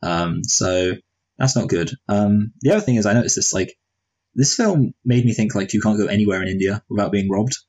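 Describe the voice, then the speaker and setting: A man's voice: lowish voice, a little fast, darkish tone, slight background noise, rough recording. A married man co-hosting a movie review podcast, chatting casually with wry jokes and meandering asides. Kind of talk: casual chat.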